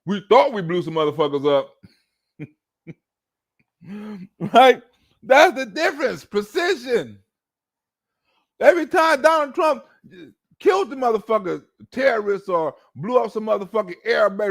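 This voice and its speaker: A man's voice: high-pitched, animated, unhurried, vocal fry, long pauses. A man giving a profane, mocking political monologue as a streamer. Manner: mocking, rants and acts out chants.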